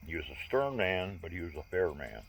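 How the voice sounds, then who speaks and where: A man's voice: deep voice, sing-song, a little fast, creaky, husky. A man in his sixties telling personal stories in a candid, rambling way, with wry humor. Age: 60s. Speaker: vlogger. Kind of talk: casual personal storytelling.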